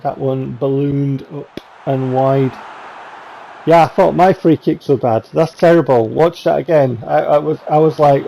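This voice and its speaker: A man talks casually over game highlights in a chatty, rambling, wry way. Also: measured pace, creaky, mellow, highs cut off, slight background noise. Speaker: gaming channel host.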